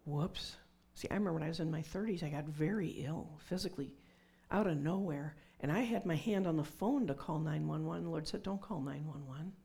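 A woman's voice: low voice, fairly quick, hardly any pauses, mellow, slightly rough. A middle-aged woman preaching a conversational sermon with personal testimony, dropping to whispers for emphasis.

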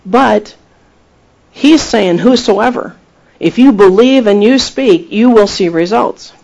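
A man preaching a sermon, retelling scripture with emphatic, animated delivery and acted-out quotes. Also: high-pitched, slow pace, gravelly, lo-fi sound. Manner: animated storytelling, acting out quoted voices; emphatic, rising to exhortation.

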